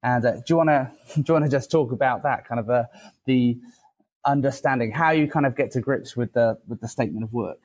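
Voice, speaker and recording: A man's voice: mid-range voice, brisk, darkish tone, rough recording. A man hosting a podcast interview, talking casually with frequent restarts and fillers. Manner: hesitant, many fillers and restarts. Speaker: podcast host.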